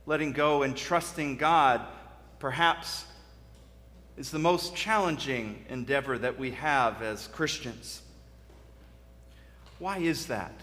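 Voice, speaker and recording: A man's voice: medium pitch, slow pace, long pauses, fairly bright tone. A male interim pastor preaching a sermon in a church sanctuary, telling stories in a conversational way with frequent restarts. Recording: long church reverb.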